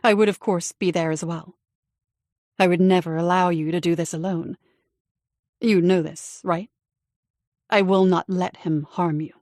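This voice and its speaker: A woman reading the part of a cool, guarded woman in wartime Paris, measured and commanding. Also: lowish voice, steady tone, darkish tone, dry recording, clean studio sound, close to an everyday voice. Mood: earnest.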